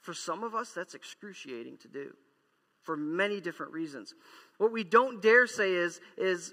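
A man's voice: sits high, expressive, normal speed, pushed and bright. A male pastor preaching a sermon, emphatic, repeating key lines and acting out quoted apologies. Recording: long church hall reverb.

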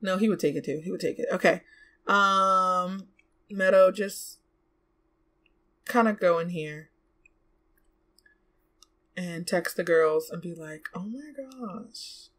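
A young woman giving casual let's play commentary, chatty and exclamatory, bossing her game characters around out loud and gasping and laughing easily. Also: fairly low pitch, fairly even intonation. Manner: chatty, scolds and coaxes the game characters aloud; exclamatory, quick to gasp and laugh. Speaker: gaming YouTuber.

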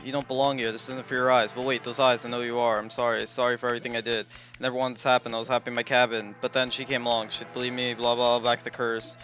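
A man reading aloud the lines of a remorseful, cursed male creator from a horror video game, quickly and plainly, with faint music behind. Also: medium pitch, a bit bright, lo-fi sound, lightly acted.

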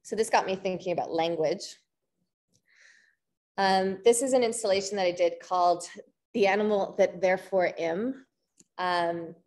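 A Canadian woman in her thirties giving an artist talk, pausing often with ums and restarts. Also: on the low side. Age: 30s. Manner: hesitant, frequent ums and restarts. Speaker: visual artist.

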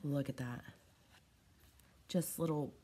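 Low-voiced woman gushing over fan mail. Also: slow, warm tone, breathy edge. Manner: chatty and scattered, gushing over small items. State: unwell, coughing and short of breath. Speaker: craft vlogger opening fan mail. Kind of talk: casual unboxing chat. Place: at home in her living room.

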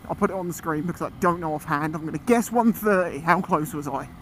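A man talking casually as he rides a motorcycle, chatty and excitable, often exclaiming. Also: a little high, fast talker. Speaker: motorcycle vlogger. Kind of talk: casual ride commentary. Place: outdoors on a moving motorcycle. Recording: loud wind and engine noise.

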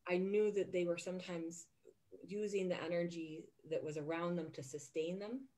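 A woman hosting a podcast, talking earnestly and warmly in a casual interview chat. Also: lowish voice, steady tone, normal speed. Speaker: podcast host.

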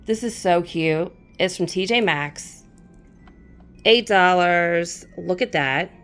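Slow-talking woman showing her finds. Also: on the low side, a bit bright, clear, resonant tone, faint music behind. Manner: chatty, fond, talks to her cat. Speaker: crafting channel host. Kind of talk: casual haul show-and-tell.

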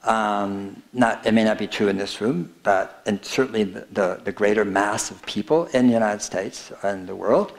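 A man's voice: fairly low pitch, normal speed, gravelly, hardly any pauses. An older man giving a conversational, wry public lecture with slides about his book in an auditorium, often laughing at his own jokes. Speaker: speaker presenting his book. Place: town hall auditorium.

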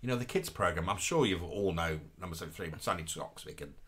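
A man's voice: low-pitched, lively intonation, fast talker, fairly bright tone, slightly rough. A man co-hosting a live stream, chatting casually and telling gossipy stories. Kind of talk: casual chat.

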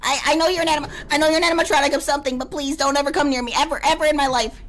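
A woman's voice: sits high, steady tone, rapid-fire, a bit bright. A young woman commentating a horror game as she plays, panicking and repeating words in a rush when scared. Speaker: gamer.

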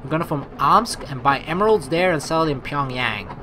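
A let's-play gamer reading game text aloud and reacting excitably with commentary. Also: mid-range voice, fairly quick, noisy background. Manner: excitable, reacts with sudden outbursts.

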